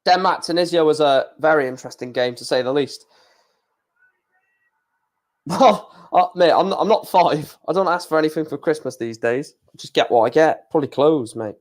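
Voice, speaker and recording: A man's voice: a little high, moderate pace. Chatty streamer, man. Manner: chatty, laughs often, swears. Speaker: live streamer. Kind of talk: casual live match watchalong.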